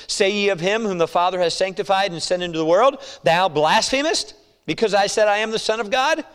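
Man, pastor, sermon, fairly high pitch, long hall reverb, slow scripture reading, emphatic rhetorical questions. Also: fairly bright tone. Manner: reads scripture slowly, then preaches with rising emphasis and rhetorical questions.

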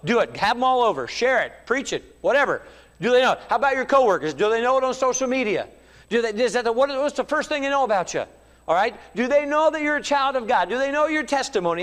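A man's voice: sits high, a bit bright, in a large hall. A man preaching a sermon with fervent rhetorical questions and acted-out quotes. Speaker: pastor.

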